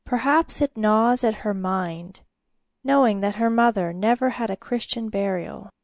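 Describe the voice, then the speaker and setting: A woman voicing a weary old male village priest who speaks quietly and gravely. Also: mid-range voice, measured pace, no room sound, clean studio sound, lightly acted.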